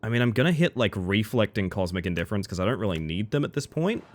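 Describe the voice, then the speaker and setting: Speaking fast in a fairly low voice, this man plays a card game on stream and chats loosely with his audience. He's animated, with jokey, mock-theatrical outbursts.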